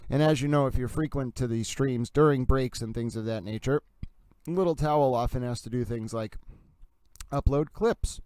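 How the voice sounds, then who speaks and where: Chatty Boston man, smooth close voice. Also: medium pitch, moderate pace, dark tone, no echo. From New England. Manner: playful, self-mocking chatter while working. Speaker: livestream host. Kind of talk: casual live-stream chat.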